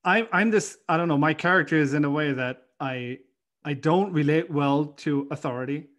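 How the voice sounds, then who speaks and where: Man, casual host, a bit high-pitched, rambling and animated. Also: normal speed. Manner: rambling, animated storytelling with many fillers. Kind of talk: casual conversation.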